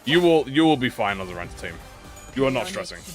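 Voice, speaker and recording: Male gaming host, mid-pitched voice, animated delivery, casual and profane. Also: quick pace, over music. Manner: playful and excitable, swears freely, talks to the game. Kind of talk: casual gameplay commentary.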